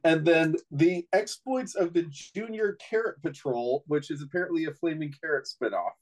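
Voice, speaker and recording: A man's voice: a little high, lively intonation, normal speed, low-quality recording. A middle-aged man on a casual chat show, rambling through an anecdote with many restarts. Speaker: co-host.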